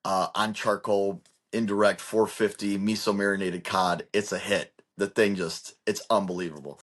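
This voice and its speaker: A man's voice: on the low side, steady tone, moderate pace, a bit bright. A man co-hosting a podcast, talking casually and rambling with many restarts and fillers. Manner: rambling, restarts often, heavy use of "like". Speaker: podcast co-host.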